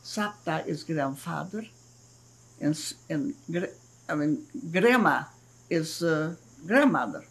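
An older woman from Hungary recounts her life in a recorded interview. Her voice has a gravelly fry, and she talks in halting bursts, restarting phrases and murmuring soft "mm-hmm"s. She slips into the voices of her family when she retells what they said. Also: low-pitched, animated, poor audio. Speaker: Holocaust survivor giving testimony. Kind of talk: recorded oral history interview.

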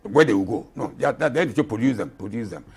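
This interview guest, a retired general from Ghana in his eighties, talks fast with a lively, medium-pitched voice that is darkish with a breathy edge. Impassioned and emphatic, he repeats things for stress.

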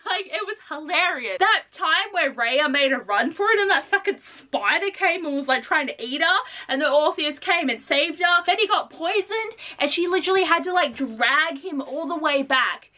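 A young woman reviewing a book in a casual vlog, gushing, swearing freely and acting out characters in squeaky voices. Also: lively intonation, normal speed, few pauses, bright, forceful tone, recorded from a distance.

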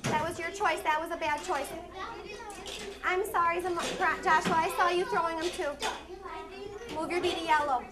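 A woman teaching an elementary class, giving brisk, firm directions and quick praise. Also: very high-pitched, steady tone. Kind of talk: classroom instruction.

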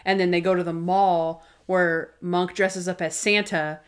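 A woman's voice: on the low side, little pitch movement, a little slow. A young woman co-hosting a podcast recaps TV episodes in casual chat. She peppers everything with "like" and slips into little voices for the characters' lines. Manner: chatty, full of "like", acts out characters' lines. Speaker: podcast co-host.

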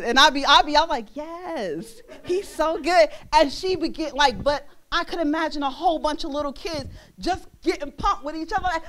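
A young woman minister preaching a sermon in a church, animated, laughing often and breaking into song. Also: sits high, moderate pace, few pauses.

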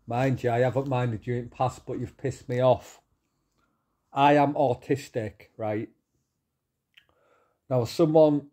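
Middle-aged man, angry vlog rant, slow, mellow tone, swears freely. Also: mid-range voice. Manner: heated, swearing, repetitive, pausing to calm himself. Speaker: vlogger.

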